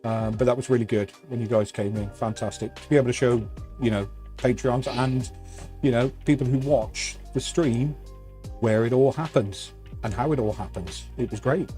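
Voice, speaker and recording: A man who helps run a live stream, speaking softly and a little hesitantly to viewers. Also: medium pitch, moderate pace, faint music behind. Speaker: stream's production assistant. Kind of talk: casual greeting to viewers.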